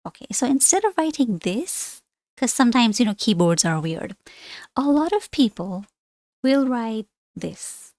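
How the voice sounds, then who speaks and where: A woman's voice: fairly high pitch, big pitch swings, a little slow, darkish tone, no room sound. A woman teaching an online language lesson, explaining things on screen in a chatty, rambling way with frequent asides and self-corrections.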